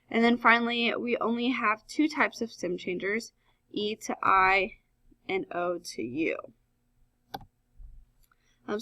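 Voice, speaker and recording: Gravelly-voiced woman teaching a lesson. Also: mid-range voice, bright, forceful tone, no echo. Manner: explanatory, frequent "um" fillers. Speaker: Spanish teacher. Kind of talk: recorded classroom lesson.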